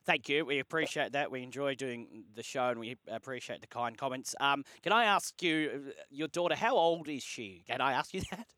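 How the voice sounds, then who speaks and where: A man's voice: mid-range voice, normal speed, few pauses, bright, forceful tone, no echo. An Australian man hosting talkback radio, chatty and encouraging with his callers. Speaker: radio host. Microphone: studio microphone.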